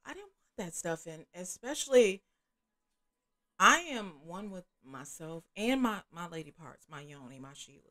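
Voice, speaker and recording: A woman's voice: lowish voice, lively intonation, normal speed, bright, forceful tone. Frank, chatty middle-aged woman. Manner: frank, candid, chatty with many fillers and restarts. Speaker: host. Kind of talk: casual adult chat.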